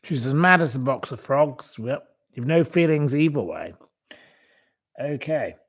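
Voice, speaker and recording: Brief: male live-streamer, scornful and rambling, slow with gravelly fry. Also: mid-range voice, expressive.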